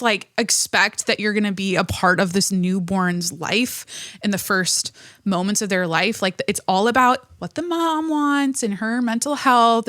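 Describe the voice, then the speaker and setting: A woman's voice: medium pitch, pushed and bright, dry recording. Casting: pregnant woman podcast host, thirties, rambling and swearing, slightly winded, dry close mic. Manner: rambling, profane, many restarts and fillers. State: pregnant and short of breath. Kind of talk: casual chat.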